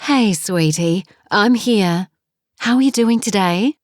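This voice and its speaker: A woman's voice: medium pitch, slow, no room sound, clean studio sound, voice pushed up, close to an everyday voice. A woman voicing Maggie, a worried middle-aged mother who speaks tenderly and anxiously.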